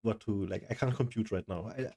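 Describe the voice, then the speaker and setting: A young man streaming live, overwhelmed and excited, talking in loose slang and swearing. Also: lowish voice, fairly quick. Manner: excited, stunned, swearing, calls everyone bro. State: overwhelmed, shaking. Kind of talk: live stream reaction chat.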